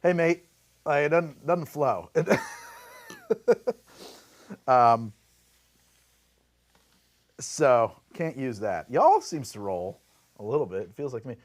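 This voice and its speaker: A man's voice: mid-range voice, slow, long pauses. A middle-aged man with a New Jersey accent, hosting a rambling, jokey live stream from his home bar and reading out chat comments. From New Jersey, USA. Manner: rambling, animated, jokey asides. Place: home bar and lab room.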